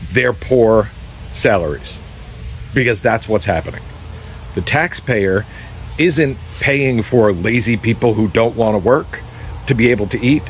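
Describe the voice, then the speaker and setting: A man's voice: mid-range voice, a little hiss or hum, rough recording. A man delivering a firm, argumentative opinion monologue.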